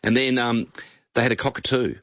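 A man's voice: medium pitch, fairly even intonation, a little fast, a bit bright, no room sound. An Australian man co-hosting breakfast radio, telling stories in an easygoing way and laughing along. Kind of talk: casual chat. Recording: muffled broadcast studio sound.

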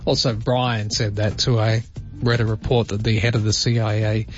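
A man's voice: on the low side, level tone, moderate pace. Man, Australian accent, overnight radio host, rambling, self-deprecating, dull broadcast sound, faint music underneath. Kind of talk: casual talkback radio.

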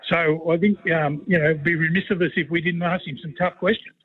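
A man's voice: on the high side, steady tone, fairly quick, husky. A middle-aged Australian man, a former player turned commentator, chatting on the radio and telling rambling, matey yarns. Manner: rambling, matey, fond of a yarn. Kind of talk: casual radio chat. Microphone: phone call. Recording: tinny phone line.

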